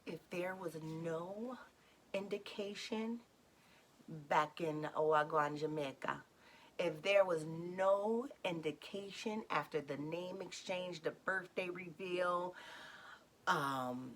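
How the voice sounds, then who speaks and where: Speaking slowly in a fairly low voice, a woman animatedly shares a personal story with her audience, addressing them directly and voicing other people's lines. There's a little hiss or hum in the audio.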